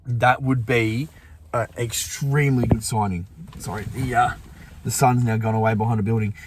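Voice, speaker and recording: A man's voice: medium pitch, fairly even intonation, normal speed, background noise. A man hosting a fan channel, chatting casually and sleepily about football with many fillers and restarts. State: sleepy, yawning. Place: outdoors in morning sun.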